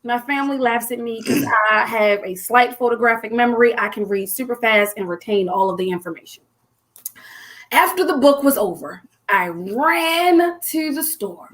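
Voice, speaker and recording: High-pitched female host, 40s, bubbly animated storyteller. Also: moderate pace. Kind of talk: excited casual chat.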